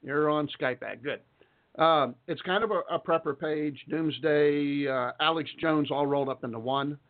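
A man's voice: a little high, moderate pace. A middle-aged man from Texas hosting an internet talk radio show in a rambling, folksy way, with chuckles and asides. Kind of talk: casual talk radio monologue. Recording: phone-like internet radio audio.

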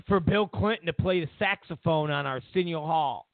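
A man's voice: fairly high pitch, moderate pace, few pauses, no echo. A man hosting a political talk show, ranting and mocking as he acts out quotes. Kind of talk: opinionated political commentary. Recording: tinny narrowband audio.

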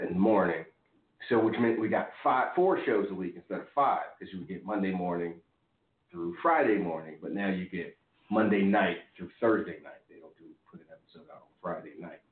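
A man chatting on a wrestling podcast in a relaxed, slangy way, laughing between thoughts. His voice sits fairly low. The sound is roomy and echoey, squeezed through a narrow phone line. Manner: laid-back, laughs often, slangy. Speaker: podcast co-host. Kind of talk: casual chat.

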